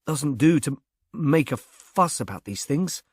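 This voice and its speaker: Guy reading as a shy stammery young gent, kinda high, polite and awkward. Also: lively intonation, a little slow, breathy edge, dry recording, clean studio sound. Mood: shy, hopeful. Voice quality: stammering, diffident. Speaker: reader.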